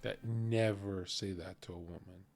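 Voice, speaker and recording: A man's voice: sits low, fairly even intonation, unhurried, a little mellow. A man streaming and reacting to a clip in casual, crude, opinionated commentary, lecturing his chat and often laughing.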